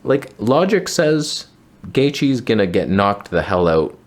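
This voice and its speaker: A man's voice: fairly low pitch, very animated, slow pace. A man hosting a casual fight-prediction show, talking in a joking, sarcastic way. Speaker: podcast host.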